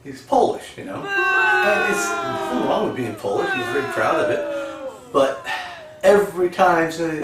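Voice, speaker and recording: A man's voice: sits high, huge pitch swings, moderate pace, very noisy. A man telling old jokes in a rambling way, full of "you know" and laughing at his own punchlines. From United States. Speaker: joke teller. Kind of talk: casual joke telling. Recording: echoey room, voice a bit far from the mic.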